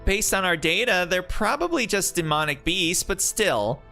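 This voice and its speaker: A man doing a brisk, bright researcher. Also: high voice, animated, creaky, soft background music, pitched above the performer's own voice, exaggerated voice. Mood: businesslike. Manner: rapid, matter-of-fact reporting.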